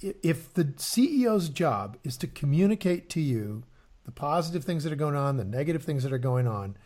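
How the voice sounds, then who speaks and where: A man's voice: a little high, big pitch swings, brisk, a little mellow. Man talking shop on investing. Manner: repeats words, many fillers. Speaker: podcast co-host. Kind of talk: casual investing chat.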